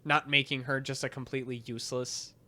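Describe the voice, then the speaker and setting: A man co-hosting a casual movie podcast, giving his opinions steadily with frequent pauses and filler sounds. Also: mid-range voice. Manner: steady, hesitant, lots of ums and uhs. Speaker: podcast co-host. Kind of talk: casual film review chat.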